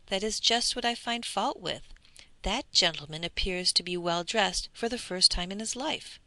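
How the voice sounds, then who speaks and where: A woman reading the lines of a scornful, fastidious young aristocratic man. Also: medium pitch, sharp tone, no echo, close to an everyday voice. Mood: disdainful.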